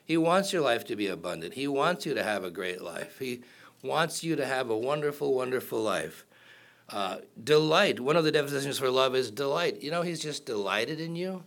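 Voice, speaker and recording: A man's voice: medium pitch, lively intonation, moderate pace, a bit bright. A man preaching a sermon in a conversational way, asking the congregation questions and cracking jokes. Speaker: pastor.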